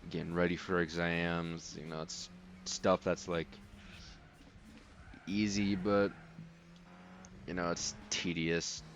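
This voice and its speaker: A young man casually commenting on a racing game as he plays, rambling and relaxed with lots of filler words. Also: low voice, slow, long pauses, slight background noise. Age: young adult. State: sleepy, yawning. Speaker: let's play host.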